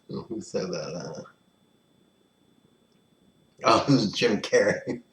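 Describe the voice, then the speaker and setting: A man's voice: on the low side, lively intonation, takes it slowly, pauses often, a bit bright. A man rambling in a casual monologue, sardonic and crude, often mumbling his asides. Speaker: vlogger. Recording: roomy echo, faint background ambience.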